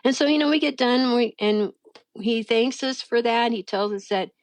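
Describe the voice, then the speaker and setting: A middle-aged woman tells a personal story in an easy, conversational way. Her voice leaps up sharply whenever she acts out what someone said. The sound is close and dry, with no room echo. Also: normal speed. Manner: animated, acts out quoted voices with big pitch jumps. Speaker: guest telling a faith story. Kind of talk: casual storytelling.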